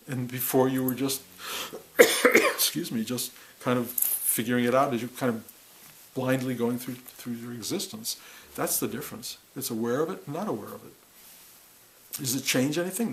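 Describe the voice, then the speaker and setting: Man, spiritual teacher, musing talk, repeats himself, lively bursts. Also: medium pitch, poor audio.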